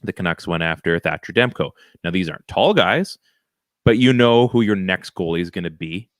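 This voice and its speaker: A man co-hosting a podcast, chatting casually about hockey picks with relaxed joking asides. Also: deep voice, moderate pace, dry recording, studio quality. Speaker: podcast co-host. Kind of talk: casual hockey draft chat.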